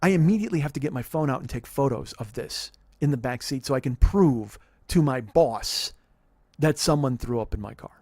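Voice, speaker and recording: A man in his forties telling a profane, animated comic story on a podcast. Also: mid-range voice, a little fast, no room sound. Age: 40s.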